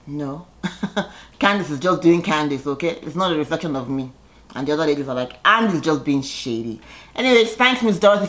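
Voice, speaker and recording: A woman giving a casual, gossipy recap of a reality show, chatty and animated when she quotes people. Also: sits low.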